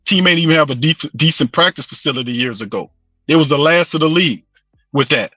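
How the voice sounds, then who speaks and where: Fired-up New man ranting, bright voice. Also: a little high, fairly quick, dry recording. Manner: passionate, repetitive, slangy, addresses listeners as fam and bro. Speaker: sports show host. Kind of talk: fired-up sports fan rant.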